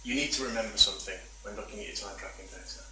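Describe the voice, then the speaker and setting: A man's voice: on the low side, steady tone, racing, pushed and bright, slight background noise. A man giving a chatty, self-deprecating talk at a meetup, full of rambling asides. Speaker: conference speaker. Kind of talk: presentation talk. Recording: echoey room from far off.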